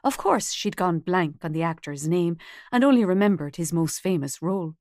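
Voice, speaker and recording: A woman reading an audiobook in a measured, even storytelling voice on a close studio mic. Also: fairly low pitch, dry recording. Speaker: audiobook narrator. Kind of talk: scripted audiobook narration.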